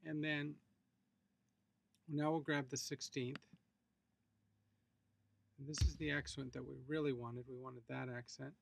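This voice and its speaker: Male music instructor, heavy vocal fry, slightly high voice, easygoing screencast explainer. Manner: relaxed, explanatory, thinking aloud with fillers. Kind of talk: screencast tutorial walkthrough.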